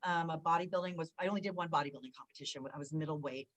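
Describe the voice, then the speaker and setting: A former wrestler in her forties from Southern California talks rapid-fire in a low voice as a guest in a casual interview. She tells stories animatedly, acting out quoted dialogue with lots of fillers, though the audio quality is poor.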